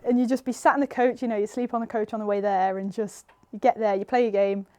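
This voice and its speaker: A woman's voice: mid-range voice, fairly even intonation, quick pace, dark tone. A young woman with an English accent, chatting casually as an interview guest, full of "like" and "you know". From England. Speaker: guest footballer.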